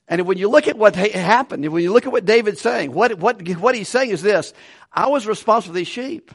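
A man preaching a conversational Bible study sermon with animated delivery and frequent chuckles. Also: sits high, creaky, no room sound, studio quality. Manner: conversational, animated, laughs between points.

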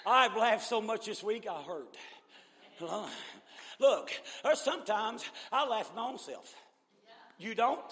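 A man preaching a revival sermon, shouting and laughing as he tells folksy stories. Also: sits high, expressive, takes it slowly, long pauses, big-room sound.

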